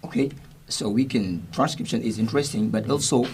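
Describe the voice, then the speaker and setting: A man with a mid-pitched voice explains pronunciation as a radio guest. He leans on fillers and says example words aloud to show stress. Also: fairly quick, a little mellow, a little hiss or hum. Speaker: English teacher guest.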